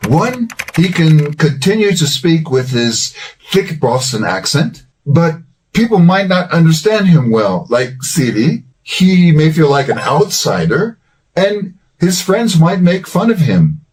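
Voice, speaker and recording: A man in his sixties or older, giving a measured, scripted educational talk as a language-learning host. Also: fairly high pitch, very animated, a little mellow, distant mic, rough recording. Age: 60s or older. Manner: measured, explanatory delivery.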